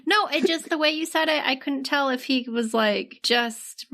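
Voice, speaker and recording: A woman's voice: high voice, moderate pace, creaky, bright, forceful tone. A woman co-hosting a podcast in casual chat, teasing her partner and laughing often. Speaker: podcast co-host.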